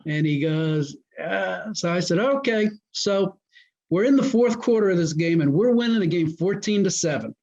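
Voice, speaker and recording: Guy, ex football coach telling stories, acts out the quotes, kinda high voice, muffled lo-fi sound. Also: normal speed. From New Jersey. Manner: animated storyteller who acts out quoted dialogue. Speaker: guest, former high school football coach. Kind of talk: casual storytelling interview. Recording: muffled lo-fi audio.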